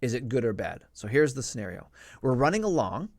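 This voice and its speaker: A middle-aged man spins a story for his live stream audience, raising his voice sharply whenever he acts out someone shouting. His voice sits at an ordinary pitch. The sound is dry and close, with no room around it. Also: a little fast, no room sound. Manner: animated storyteller, acts out shouted quotes in a raised voice.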